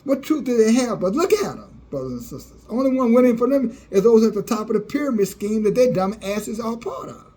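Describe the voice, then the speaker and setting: A man's voice: extremely high pitch, sing-song, brisk, hardly any pauses, mellow. A man preaching a fiery sermon, scornful and sarcastic, often laughing at those he criticizes.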